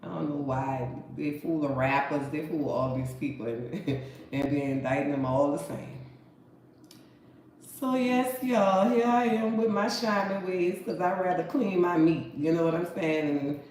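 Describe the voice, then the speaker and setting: A woman's voice: low voice, measured pace, a little mellow, a little hiss or hum. A woman with a New Orleans accent chatting casually to her viewers, folksy and talkative, calling them honey and baby. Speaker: vlogger. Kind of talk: casual chat to camera. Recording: echoey room with faint ambience.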